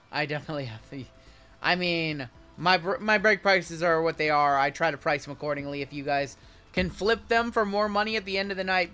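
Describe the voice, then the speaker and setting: A man's voice: fairly high pitch, bright, forceful tone, smooth. A man hosting a live card break, chatting with viewers as he calls out cards and spots. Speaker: sports card break host.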